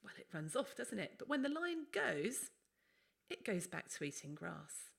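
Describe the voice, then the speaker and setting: A woman's voice: mid-range voice, very animated, a little slow, creaky, breathy edge. A woman, a doctor, giving a conversational, explanatory webinar presentation.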